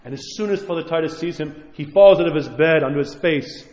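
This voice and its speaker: A man's voice: on the high side, a little fast, a little mellow. A man preaching a sermon as a priest, earnest and emphatic as he exhorts and tells a story. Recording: echoey hall, dull lo-fi sound.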